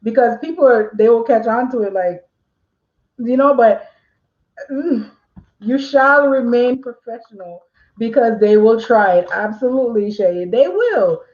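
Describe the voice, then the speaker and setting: A woman's voice: fairly high pitch, expressive, a little slow, highs cut off. A woman teaching notary basics on a live stream, talking casually, reading viewers' comments by name and laughing often. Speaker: notary business instructor.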